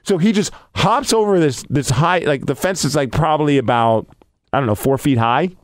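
A man co-hosting a casual podcast, telling a story with excitable, animated energy. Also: on the high side, moderate pace, no echo, studio quality. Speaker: podcast co-host. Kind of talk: casual chat.

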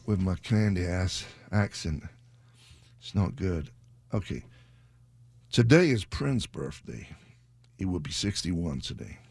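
A man's voice: fairly low pitch, vocal fry, a little mellow, slightly rough, no echo. A British man hosting a radio show, chatting casually in a rambling, self-deprecating way into a studio mic. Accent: British English. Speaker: radio DJ host.

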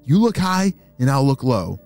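A man voicing an eager, brave young girl in a children's story, in a high excited voice. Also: moderate pace, faint music behind.

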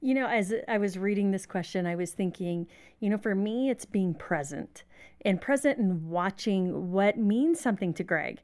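A woman gives marriage advice in a reflective, candid way. She speaks at an ordinary pitch, talking things through as she goes. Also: animated, moderate pace, darkish tone. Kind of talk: conversational advice.

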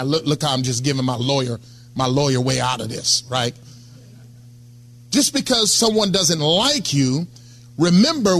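A middle-aged pastor preaches in a high, bright voice. He talks to the congregation like a friend, checking in with them again and again. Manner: conversational preaching, calls out to congregation. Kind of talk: sermon.

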